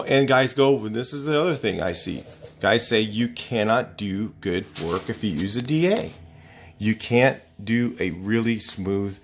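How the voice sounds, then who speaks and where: A man who used to paint cars, talking casually to the camera in a blunt, opinionated way and telling rambling stories full of restarts. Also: lowish voice. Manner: rambling storytelling with many restarts. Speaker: garage channel host, former auto painter.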